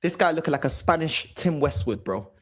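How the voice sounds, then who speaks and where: A man's voice: a little high, expressive, a little fast. A man hosting a fan channel, ranting furiously about his team, swearing and repeating himself. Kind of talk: angry fan rant to camera.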